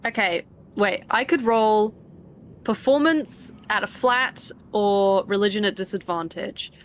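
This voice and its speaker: A woman's voice: medium pitch, unhurried, slight background noise. A woman player in a tabletop game, casual and playful, swearing freely.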